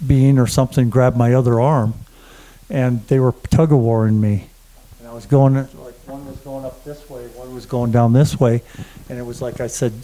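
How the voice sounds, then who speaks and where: A man giving a halting personal testimony to a conference audience, full of fillers and restarts. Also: medium pitch, dark tone, rough recording. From German family. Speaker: conference speaker. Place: conference room before an audience.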